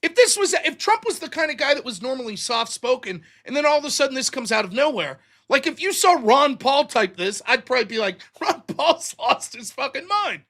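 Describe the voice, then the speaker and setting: On his own live-streamed commentary show, a man rants about politics, berating and mocking with heavy profanity. His high, bright voice jumps animatedly between near-shouts and low mutters, with lively intonation. He talks briskly and barely pauses.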